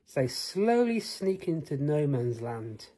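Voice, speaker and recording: A man's voice: on the high side, big pitch swings, a little slow, warm tone, husky. A man telling an improvised fantasy tale in a rambling way, asking the listener questions. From United Kingdom. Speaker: storyteller.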